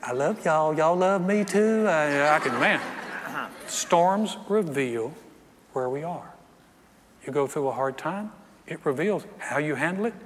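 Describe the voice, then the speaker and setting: Animated pastor in a hall. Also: male voice, fairly high pitch, a little slow, long pauses, slight background noise. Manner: animated, acts out scenes, jokes with congregation. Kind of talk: sermon. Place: church sanctuary. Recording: reverberant hall with faint ambience.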